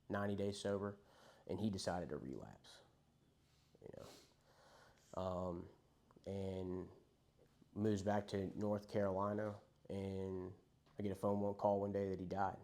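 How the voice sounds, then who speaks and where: A man's voice: sits low, steady tone, slow pace, pauses often, mellow. A young man candidly telling his story of addiction and loss to a recovery group, speaking in a conversational, profane way.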